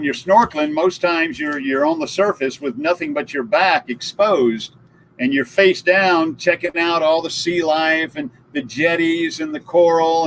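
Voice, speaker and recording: Brief: man, middle-aged, stream host, lively up-and-down jokey delivery. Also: on the high side, creaky, slight background noise, low-quality recording. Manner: jokey, storytelling, laughs at his own puns. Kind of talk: casual live stream chat.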